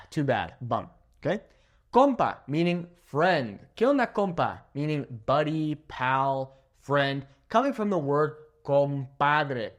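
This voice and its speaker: A fairly high-voiced man runs a casual language lesson. He says each example phrase slowly and carefully, then checks in with a quick "okay?". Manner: slow, careful when saying example phrases. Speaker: Spanish teacher.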